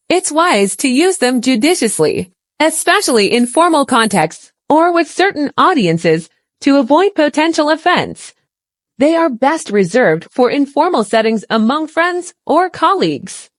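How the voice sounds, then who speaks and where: High, lively woman teaching English. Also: no room sound, studio quality. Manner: clear, explanatory delivery with spoken example phrases. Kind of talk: scripted lesson narration.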